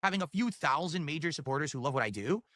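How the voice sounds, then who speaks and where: Fast, bright, defiant male YouTuber. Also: a little high, lively intonation. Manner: defiant, insistent, self-justifying. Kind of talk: defiant monologue to camera.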